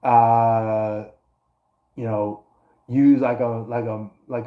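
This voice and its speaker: A man's voice: fairly low pitch, level tone, drawn-out words, highs cut off. A man doing a casual astrology reading to his viewers, rambling with many fillers and restarts. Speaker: astrology and tarot reader.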